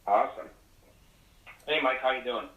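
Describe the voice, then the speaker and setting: A man's voice: medium pitch, moderate pace. A man calling in to a livestream, praising the host in an effusive, rambling way with many fillers. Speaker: caller. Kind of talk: phone-in call. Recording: roomy, distant phone call.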